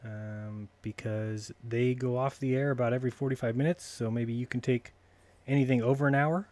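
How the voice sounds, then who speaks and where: A man's voice: medium pitch, steady tone, moderate pace, a little mellow. Man muttering through a live call-in show. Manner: distracted, muttering while fiddling with call settings. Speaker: livestream host taking calls. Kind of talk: casual live-stream talk.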